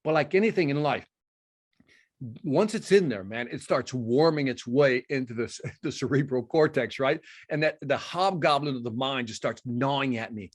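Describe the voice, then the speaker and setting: A middle-aged man from Chicago tells a story as an interview guest, acting out both sides of the conversation. His voice sits at an ordinary middle pitch. He speaks in a lively, animated way, over what sounds like a remote call. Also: normal speed. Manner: animated storytelling, acts out dialogue.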